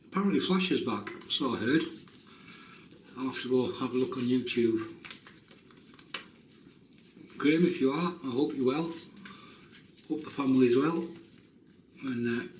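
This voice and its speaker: A man's voice: medium pitch, expressive, moderate pace, long pauses, distant mic. A man in his fifties, chatting casually and joking at himself while he shaves at home. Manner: chatty, joking, self-mocking asides. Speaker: shaving vlogger. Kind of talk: casual chat while shaving. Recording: roomy, off-mic, faint noise.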